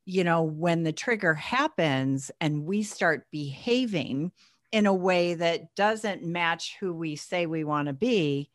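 Upbeat woman podcast host with a lowish voice, dry recording. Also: lively intonation, takes it slowly, no echo. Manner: upbeat, chatty, laughs often. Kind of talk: podcast interview.

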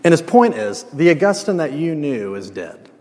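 A man's voice: on the high side, sing-song, moderate pace, a little mellow. A man preaching a sermon as pastor, emphatic, repeating key phrases and adding light humor. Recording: long reverb of a large hall.

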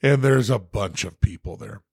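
A man's voice: on the low side, moderate pace, vocal fry, slightly rough, dry recording, clean studio sound. A man hosting a casual chat, telling stories with lots of swearing and laughter. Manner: animated storyteller, swears a lot, laughs often. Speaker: podcast host.

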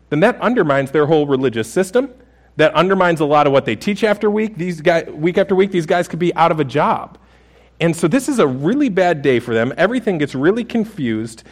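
A man in his thirties preaching a sermon as pastor, conversational and humorous, with frequent restarts. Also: fairly high pitch.

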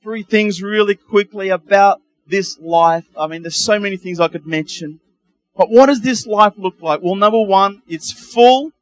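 A middle-aged male pastor preaching a sermon in a lively way, with homely asides and chuckles. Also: high voice, moderate pace, no room sound, rough recording.

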